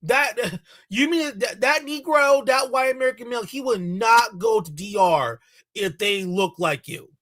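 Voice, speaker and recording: A man's voice: high voice, unhurried, fairly bright tone. A man hosting a reaction channel, delivering heated, mocking commentary with lots of repetition.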